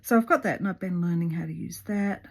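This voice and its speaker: A woman's voice: lowish voice, quick pace. A woman chatting casually at home while she stitches, rambling along with lots of ums and restarts. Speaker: craft video maker. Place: her home.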